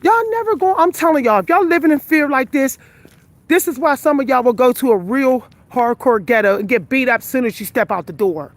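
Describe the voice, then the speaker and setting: A woman's voice: sits high, fairly quick. A tired, out-of-breath woman in her forties talks bluntly and profanely to her viewers while walking outdoors at night, filming on a phone. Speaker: vlogger. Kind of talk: live vlog while walking. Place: outdoors on a night street walk.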